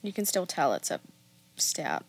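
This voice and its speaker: A woman's voice: low voice, wildly swooping pitch, unhurried. An Australian woman chatting casually over drinks and telling stories with easy laughs. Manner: storytelling, laughing easily. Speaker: co-host. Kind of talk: casual chat.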